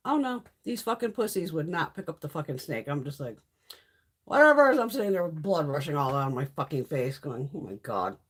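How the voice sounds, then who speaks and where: Middle-aged woman livestream host, husky, animated, foul-mouthed storyteller. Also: sits low, a little fast, hardly any pauses. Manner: profane, blunt storytelling, reads chat comments. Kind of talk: casual live-stream chat.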